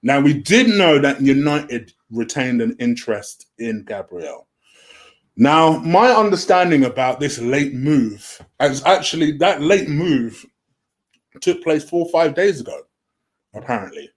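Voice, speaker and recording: A man's voice: on the high side, lively intonation, unhurried. A man hosting a home-made football transfer rumour show, chatty and easily sidetracked, with a lot of "um". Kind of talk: casual solo commentary. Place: home room.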